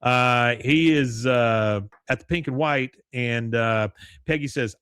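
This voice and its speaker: A man's voice: medium pitch, measured pace, a bit bright, clean tone, no room sound, clean studio sound. A man hosting a podcast, animatedly recapping a cartoon episode and quoting its characters with laughs. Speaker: podcast host.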